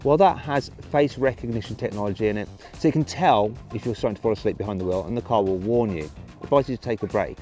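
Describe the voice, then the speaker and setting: A man's voice: on the low side, fast, dark tone, faint music behind. A man from the English Midlands with a British accent, presenting a car review in an upbeat, playful, chatty way. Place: in and around a car.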